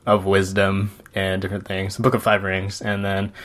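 Young male co-host, lowish voice, easygoing and thoughtful. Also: monotone, moderate pace, fairly bright tone. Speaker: podcast co-host. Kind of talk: casual chat.

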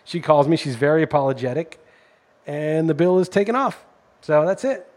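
A middle-aged man hosts a casual podcast, telling a story in an indignant, ranting way that builds in intensity as he goes. His voice is on the high side, expressive and slightly mellow, at a moderate pace.

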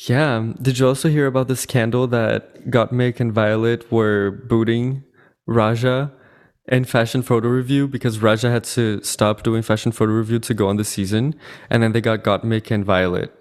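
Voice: mid-range voice, fairly even intonation, normal speed, a little mellow. A podcast co-host in casual chat who laughs often and meanders with fillers.

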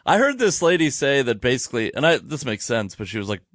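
A man hosting a casual podcast chat, telling a story in an animated, profane way. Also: medium pitch, fast talker, dry recording, clean studio sound. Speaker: podcast host.

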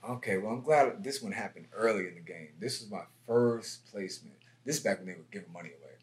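A man, a music producer being interviewed, telling stories in a casual, lively way and acting out other people's lines. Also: fairly low pitch, fast talker. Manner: animated, acts out quotes with raised voice.

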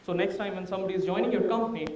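A man's voice: high voice, rapid-fire, darkish tone, reverberant, far from the mic. A man with an Indian accent, a startup founder giving a candid, anecdote-filled talk to an audience. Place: large room before a live audience.

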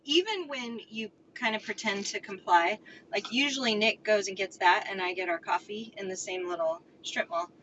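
A woman chatting on a podcast as co-host, easygoing and quick to respond. Her voice sits in a middle pitch. The audio is slightly muffled, with faint noise behind it. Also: pushed and bright. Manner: laughs easily, short reactive remarks. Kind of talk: casual podcast chat.

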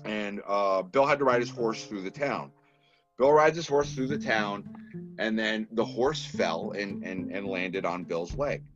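A man from Massachusetts, a filmmaker guest on a casual podcast, telling lively stories and laughing often. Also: fairly low pitch, a little slow. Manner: animated storyteller, laughs often. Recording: slightly dull lo-fi audio with faint music.

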